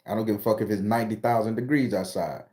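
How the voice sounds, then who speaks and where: A man from Florida, hosting a casual live chat and telling stories in a profane, animated way. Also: lowish voice, quick pace. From southern Florida. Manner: profane, animated storyteller reading out viewer comments. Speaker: host.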